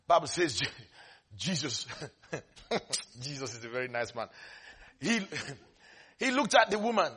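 A man preaching a sermon dramatically, swinging between quiet asides and sudden shouts with laughter. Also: mid-range voice, big pitch swings, a little slow, long pauses, slightly rough.

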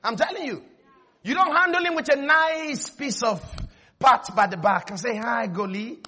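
A man's voice: very high-pitched, lively intonation, normal speed, sharp tone. A man preaching a sermon, emphatic and calling out to the congregation for responses. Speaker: pastor.

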